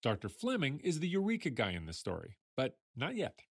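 Lively, playful male science host. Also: mid-range voice, a little fast, vocal fry, slightly rough, no room sound. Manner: playful, chatty, addresses listener directly. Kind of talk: scripted science storytelling.

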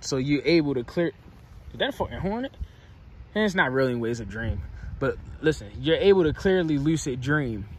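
Young male vlogger, high lively voice, loose profane banter, street noise. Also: moderate pace. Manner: loose, joking, swears a lot. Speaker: vlogger host. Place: outdoors by a waterfront boardwalk. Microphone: phone camera. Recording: loud outdoor traffic noise. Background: traffic and street ambience.

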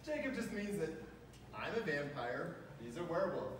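Man voicing a jealous teen vampire, animated delivery, distant and noisy. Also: fairly high pitch, moderate pace. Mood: possessive. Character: possessive young male vampire boyfriend. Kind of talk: amateur stage reading. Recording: echoey room, distant mic, noise.

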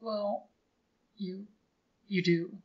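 An actor playing a timid, meek office artist who stammers nervously and apologizes in a radio drama re-creation. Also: male voice, high-pitched, steady tone, extremely slow, husky, heavily acted. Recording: dull lo-fi radio-style recording.

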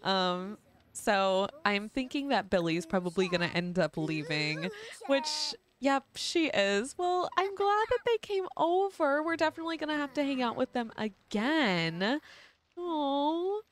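A woman's voice: high-pitched, lively intonation, unhurried. A young woman casually narrating her life-sim gameplay, chatty and giggly with lots of ums. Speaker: gaming channel host. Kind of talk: casual let's-play narration.

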